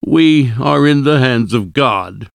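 A man reading an audiobook, voicing a frantic, anguished young husband who shouts and pleads in a raised voice. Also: medium pitch, lively intonation, slow, creaky, clean tone, no room sound, voice pushed up. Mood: sobbing. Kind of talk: audiobook character voice.

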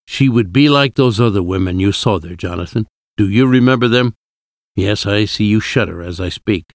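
A man playing an elderly professor in an audiobook, slow and measured with a low, calm voice. He speaks gently and gravely, recorded close and dry. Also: no room sound, lightly acted. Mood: gentle. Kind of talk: audiobook character voice.

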